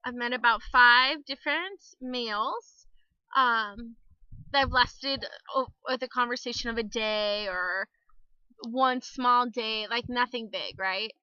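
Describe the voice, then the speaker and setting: A woman's voice: fairly high pitch, slow, sharp tone, smooth, dry recording, dull audio. A young woman talking candidly to camera outdoors by the water, chatty, laughing often and cussing a little. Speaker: vlogger. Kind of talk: casual personal vlog to camera.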